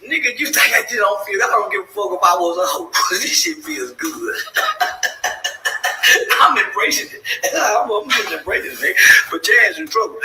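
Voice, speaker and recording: A man telling a story in an animated, boisterous way, cursing freely and laughing often, with bursts of shouting. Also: extremely high pitch, roomy sound, poor audio. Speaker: podcast guest.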